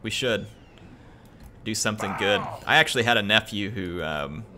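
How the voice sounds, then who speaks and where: A young man with a lowish, bright, forward voice reads a viewer's heartfelt message on his stream. He talks haltingly, with many ums and uhs, earnest and grateful throughout. A faint hiss sits under the voice. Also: expressive. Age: young adult. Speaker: gaming streamer.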